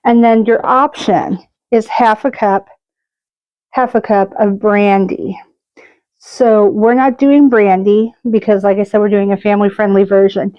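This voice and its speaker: A woman's voice: mid-range voice, fairly even intonation, unhurried, darkish tone, clear, resonant tone, dry recording, lo-fi sound. A woman hosting a casual cooking video, chatty and joking at her own expense. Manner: chatty and self-mocking, jokes about her own accents. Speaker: cooking show host.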